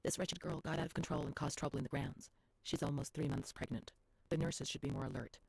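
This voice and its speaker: A woman voicing a haunted game narrator who reads old asylum records in a hushed voice that often drops to a whisper. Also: deep voice, a little fast, vocal fry, breathy edge, dry recording, heavily acted. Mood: hushed uneasy. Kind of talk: scripted narration. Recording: game audio with noisy ambience.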